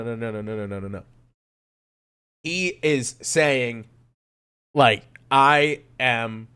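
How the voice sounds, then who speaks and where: A man streaming casually, rambling and cursing often, with sudden jumps from mumbling to loud outbursts. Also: mid-range voice, clean tone. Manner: rambling, profane, animated swings in loudness. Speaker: streamer reacting to music. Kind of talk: casual chat.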